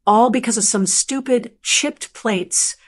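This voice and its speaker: A woman's voice: a little high, slow. A woman voicing a furious grown son who sputters and stammers accusations at his mother in a narrated story. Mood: angry accusing. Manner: angry, stammering.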